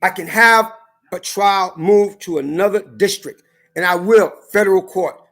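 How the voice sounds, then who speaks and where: A man's voice: high voice, a little slow, a bit bright. Guy going off in a vlog rant, defiant, keeps repeating himself hard. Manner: emphatic, repetitive, defiant. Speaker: vlogger. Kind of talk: angry video rant.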